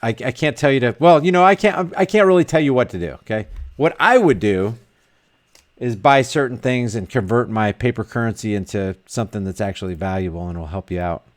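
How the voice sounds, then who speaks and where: A man's voice: mid-range voice, expressive, brisk. A man vlogging casually, reading viewer comments aloud and rambling with frequent restarts and repeated words. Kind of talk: casual live chat.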